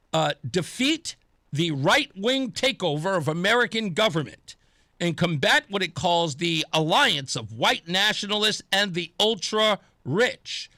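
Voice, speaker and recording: A radio talk show host with a high voice delivers an opinionated monologue, animatedly acting out the dialogue he quotes and laughing at himself. The sound is clean studio audio with no echo.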